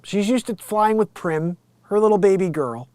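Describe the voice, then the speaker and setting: A man's voice: high voice, lively intonation, moderate pace, a little mellow, clear, resonant tone, no echo. A man doing brash, mocking improvised comic commentary on a live stream.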